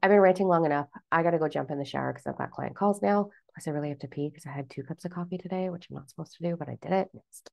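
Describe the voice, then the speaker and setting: A woman giving a blunt, animated motivational rant to camera as a self-help vlogger, swearing casually. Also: deep voice, very fast, gravelly, few pauses, no echo.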